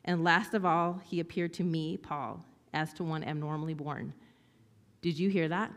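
A woman preaching a sermon in a conversational, animated way, acting out quoted lines with sarcasm. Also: on the low side, normal speed, big-room sound. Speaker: pastor.

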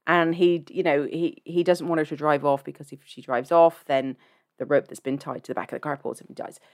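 A low-pitched woman hosts a laid-back film review podcast. She talks in a chatty, candid way and swears without a second thought. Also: steady tone, brisk, a little mellow. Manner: chatty, blunt, swears freely. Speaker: podcast host.

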